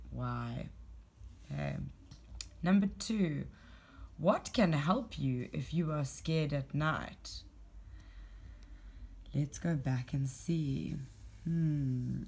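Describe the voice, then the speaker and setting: A woman teacher speaks at an unhurried pace, reading a simple rhyming poem aloud before walking children through the questions. Her voice sits low, and she guides each step with patient, clear explanations.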